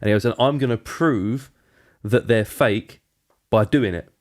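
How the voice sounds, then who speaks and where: A man's voice: medium pitch, a little slow. A man co-hosting a podcast, telling a laid-back story, swearing and acting out quotes. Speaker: podcast co-host. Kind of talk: casual chat.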